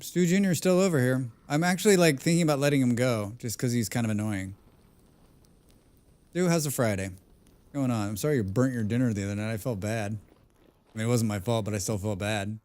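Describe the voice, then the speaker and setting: A man's voice: mid-range voice, moderate pace, a little mellow. A man casually chatting on a game live stream, humming and mumbling nonsense sounds between remarks. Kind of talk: casual live-stream chat while playing.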